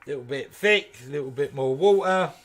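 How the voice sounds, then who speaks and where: A man's voice: fairly high pitch, lively intonation, moderate pace. A man from East London with a Kent accent, hosting a woodturning video, chatting casually and joking while answering viewer comments as he works. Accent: Kent English. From East London, England. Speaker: woodturning channel host. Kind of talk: casual live demo chat.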